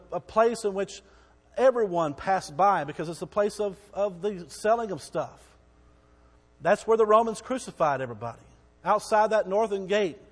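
A man preaches with a high voice, his words trailing into the long reverb of a large church hall. He tells the story dramatically and shouts out the cries of the crowd. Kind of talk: sermon.

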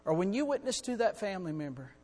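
A middle-aged man preaching a sermon in a church, earnest and building to loud, urgent storytelling. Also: high-pitched, big pitch swings, fast. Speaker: guest preacher. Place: church sanctuary. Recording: long hall reverb.

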